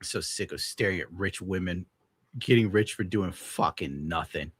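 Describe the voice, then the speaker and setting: A man's voice: low-pitched, normal speed, breathy edge, no room sound, studio quality. A young adult man streaming, giving a bitter, crude, swear-heavy rant while reacting to clips. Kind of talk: casual ranting commentary.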